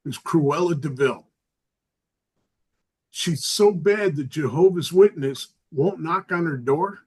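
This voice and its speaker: An older male comedian working through a stand-up set with a deadpan, grumbling delivery. His voice sits a little high for a man. He sounds like a lovable curmudgeon. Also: takes it slowly, pauses often, slightly rough, poor audio. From Southern California. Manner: deadpan self-mocking curmudgeon.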